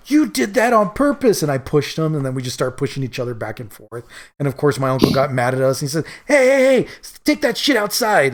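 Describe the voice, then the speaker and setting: A man's voice: medium pitch, fairly bright tone. A man on a casual podcast telling a rambling, self-amused childhood story. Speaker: podcast co-host. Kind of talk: casual chat.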